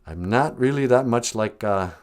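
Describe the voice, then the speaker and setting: A man's voice: medium pitch, normal speed. A man hosting a casual live-stream podcast, telling jokey stories and laughing often. He is outdoors on a back porch. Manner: joking storyteller, laughs often. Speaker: podcast host.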